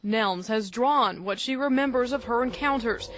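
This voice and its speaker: Female news reporter voice-over; fairly high, measured; muffled broadcast sound with soft music. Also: a little hiss or hum. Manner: measured, even reporting delivery. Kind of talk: scripted news narration.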